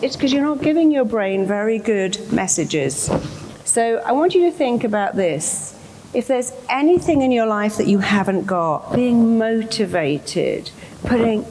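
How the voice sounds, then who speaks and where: A woman's voice: a little high, darkish tone, a little hiss or hum, low-quality recording. A woman therapist giving a motivational talk to an audience, speaking emphatically and acting out the inner voices of her listeners.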